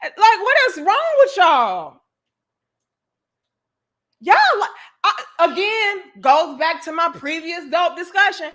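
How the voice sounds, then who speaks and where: A woman's voice: very high-pitched, sing-song, slow pace, pauses often, fairly bright tone. A woman hosting a livestream, ranting in a profane, emphatic and exasperated way while reading chat comments. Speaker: host.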